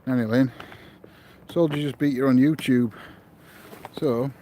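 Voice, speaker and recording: A man's voice: medium pitch, steady tone, a little slow, mellow, a little hiss or hum, low-quality recording. Chatty man streaming live outdoors. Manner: chatty, greets viewers by name. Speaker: paranormal investigator streaming live. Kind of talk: casual live-stream chat.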